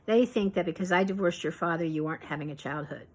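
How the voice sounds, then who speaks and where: A tired divorced mother, flat and matter-of-fact in how she talks, as a woman reads her lines. The voice sits low and close to the reader's own, in a memoir reading. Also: fast, natural voice. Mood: weary.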